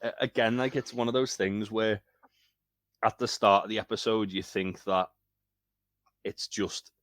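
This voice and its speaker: A man's voice: lowish voice, fairly even intonation, measured pace, fairly bright tone, no room sound. A man co-hosting a casual TV review podcast, talking hesitantly with lots of restarts. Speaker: podcast co-host.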